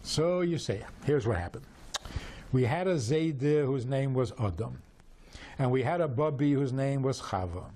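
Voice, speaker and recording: A man teaching Torah through storytelling, animated and full of rhetorical questions. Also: mid-range voice, a little slow. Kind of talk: storytelling lesson.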